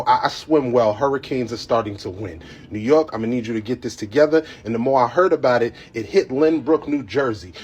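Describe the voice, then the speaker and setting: A man's voice: medium pitch, husky. A man who works as a DJ, ranting comically and scolding in jest. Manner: mock-scolding, joking. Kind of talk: comic rant.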